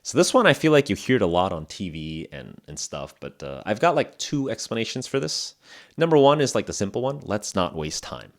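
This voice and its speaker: A young man hosting an English lesson podcast, explaining phrases in a relaxed, chatty way with acted examples. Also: on the low side, a little fast. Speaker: English podcast host and teacher. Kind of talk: casual spoken English lesson.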